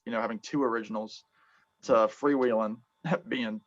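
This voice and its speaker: Halting man, dull lo-fi sound. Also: medium pitch, steady tone. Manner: halting, full of ums and restarts. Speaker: podcast host. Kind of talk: casual music chat.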